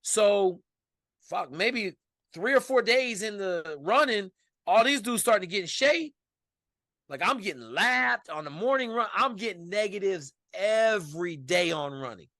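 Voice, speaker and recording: A man from Washington state, a podcast guest telling a story in casual, animated, profane speech. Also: sits high, unhurried, no room sound, clean studio sound.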